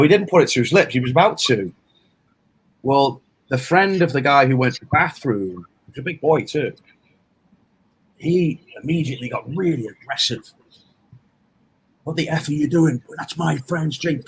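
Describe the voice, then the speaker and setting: A man's voice: mid-range voice, slightly rough, rough recording. A middle-aged man from England, a self-defense instructor, talking casually in a rambling, storytelling way with lots of restarts and fillers. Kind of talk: casual interview talk.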